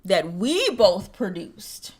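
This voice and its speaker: Woman, young adult, podcast co-host, casual chat, expressive, medium pitch. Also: slow pace, breathy edge. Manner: animated, swoops high when mocking others.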